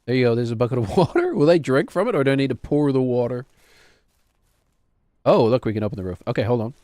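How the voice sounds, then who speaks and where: A man's voice: medium pitch, animated, fast talker, warm tone, no echo, studio quality. A man streaming a game, rambling and joking to himself as he plays. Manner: rambling, jokey, talks to himself while playing. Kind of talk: casual gameplay commentary.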